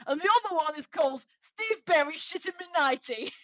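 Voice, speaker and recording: A woman's voice: high voice, fairly quick, fairly bright tone, dry recording. A woman co-hosting a casual livestream, giggling often as she reads viewer comments aloud. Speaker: livestream co-host. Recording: dull lo-fi livestream audio.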